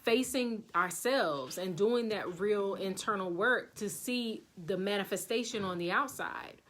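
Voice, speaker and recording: Animated woman card reader. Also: mid-range voice, a little slow. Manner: animated, addresses viewers directly. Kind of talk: casual chat on a live video.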